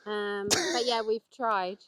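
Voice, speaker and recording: A woman's voice: mid-range voice, animated, takes it slowly, fairly bright tone, no room sound. A young English woman vlogging with her husband in a casual chat, hesitant with many ums, explaining patiently. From England. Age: young adult.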